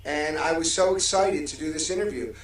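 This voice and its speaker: A man's voice: a little high, fairly quick, roomy sound. A man speaking as an interview guest, effusive and friendly, heard over distant call audio. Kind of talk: casual interview chat.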